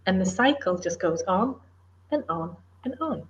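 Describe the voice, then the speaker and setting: A woman's voice: medium pitch, expressive, a little slow, slight background noise. Earnest middle-aged woman, dull audio. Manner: earnest, emphatic, plain-spoken. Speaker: author and former police officer, guest. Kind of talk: casual interview chat.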